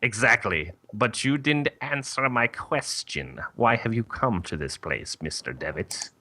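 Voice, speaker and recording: A man's voice: medium pitch, animated, unhurried, pushed and bright, slight background noise, pitched above the performer's own voice. A man voicing a stern older nun who runs a nursing home, talking in a formal, cold and dismissive way.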